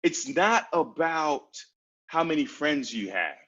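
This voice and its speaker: A man talking as a podcast guest in casual chat, telling stories in a lively way and acting out what people said. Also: a little high, takes it slowly, highs cut off. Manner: lively storyteller who acts out quoted lines.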